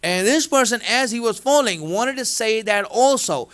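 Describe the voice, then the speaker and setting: High-voiced man preaching in a conversational way. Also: lively intonation, moderate pace, hardly any pauses, fairly bright tone. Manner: conversational storytelling. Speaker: religious speaker. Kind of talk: sermon.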